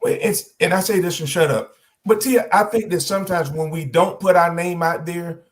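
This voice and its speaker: A man's voice: high voice, moderate pace. A man co-hosting a radio talk show, chatty and making points with examples while losing his voice. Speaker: co-host. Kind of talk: casual radio panel talk.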